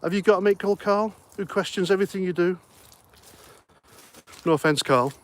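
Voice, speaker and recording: A man's voice: high voice, brisk. A middle-aged man hosting a casual livestream, reading out comments and chatting in a rambling, jokey way, a little out of breath. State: slightly out of breath. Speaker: livestream host.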